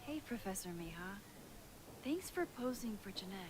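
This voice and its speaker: Woman voicing Max Caulfield, soft young teacher. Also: medium pitch, lively intonation, moderate pace, noisy background, lightly acted. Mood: friendly. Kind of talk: game dialogue.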